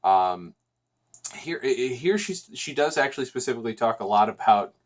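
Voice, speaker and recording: A man hosts a solo podcast in a loose, chatty review voice. He rambles, doubles back on himself and fills gaps with "um" and "uh". His pitch sits in an ordinary middle range for a man. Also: animated, normal speed. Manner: rambling, chatty, frequent restarts and fillers. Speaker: podcast host.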